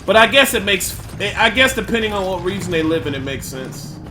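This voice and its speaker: A man giving gameplay commentary, thinking aloud and loudly trash-talking enemies with plenty of swearing. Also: sits high, animated, a little fast, background noise. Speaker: let's play commentator.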